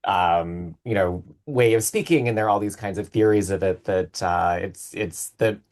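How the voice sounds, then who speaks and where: A man's voice: low voice, normal speed, a little mellow. A man on a podcast, explaining things in a casual, lecturing way with many fillers. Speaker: podcast co-host.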